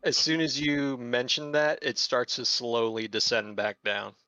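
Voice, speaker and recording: Bright-voiced male game master. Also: medium pitch, flat delivery, no room sound, muffled recording. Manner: halting narration with many fillers. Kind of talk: narrating a tabletop game.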